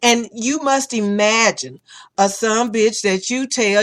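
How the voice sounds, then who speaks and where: A woman hosting a podcast in casual opinion-show style, talking bluntly and profanely and telling animated stories. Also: a little high, unhurried. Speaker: podcast host. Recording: podcast recording.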